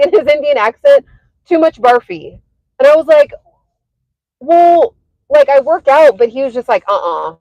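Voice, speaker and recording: A woman's voice: on the high side, darkish tone, no echo, lo-fi sound. A woman talking casually on a livestream from her parked car, chatty with lots of fillers and laughs. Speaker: fitness and wellness creator.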